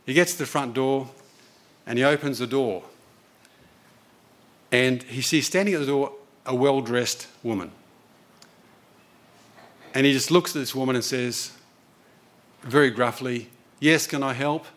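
A man's voice: medium pitch, measured pace, pauses often, a bit bright. A man preaching a sermon, telling a story in an earnest, conversational way.

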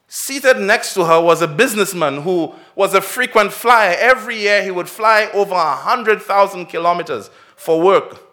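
A man's voice: sits high, moderate pace, few pauses. A man preaching a children's sermon, telling a story with big swells and drops, then asking many direct questions. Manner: expressive storytelling, swells and drops in loudness and pace. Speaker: pastor.

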